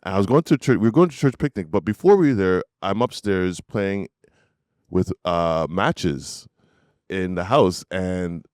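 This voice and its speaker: A middle-aged man telling a story in casual podcast chat, animated and acting out the people in it. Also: low-pitched, measured pace, no echo, clean studio sound. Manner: animated storyteller, laughs and acts out voices. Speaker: podcast host.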